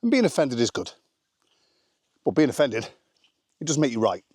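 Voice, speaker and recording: A man's voice: mid-range voice, huge pitch swings, normal speed, darkish tone, no room sound, studio quality. A man vlogging casually outdoors on a rural smallholding, rambling and self-deprecating, with lots of "um" and "anyway" fillers. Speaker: vlogger sharing family life abroad. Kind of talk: casual chatty vlog.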